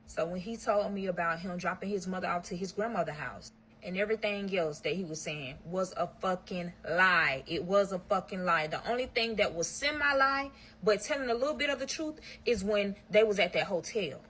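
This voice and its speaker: In a casual vlog, a woman speaks to her audience about a breakup in a mid-range, fairly quick and fairly bright voice. Blunt and profane, she voices quoted people differently, while the poor recording has a slight hiss or hum.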